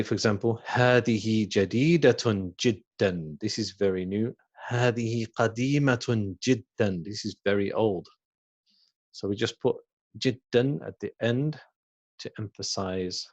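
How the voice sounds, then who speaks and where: A man with a low-pitched voice teaches a beginners' Arabic lesson. He speaks slowly and patiently, repeating each word and then giving its meaning. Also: vocal fry. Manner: slow and patient, repeats words and translates them. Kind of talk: recorded language lesson.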